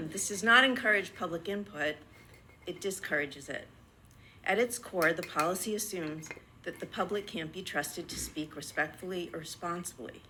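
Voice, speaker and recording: A woman reading a prepared public comment at a town board meeting, earnest and measured, a little out of breath. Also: on the low side, pushed and bright, slight background noise. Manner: earnest, measured, deliberate pauses between list items. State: slightly out of breath. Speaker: resident speaking at public comment.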